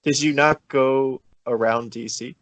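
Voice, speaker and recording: A young man from Maryland trades deadpan, teasing jabs in a casual podcast chat. His voice is mid-pitched. It is recorded close and dry. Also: a little slow, no echo. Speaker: podcast co-host.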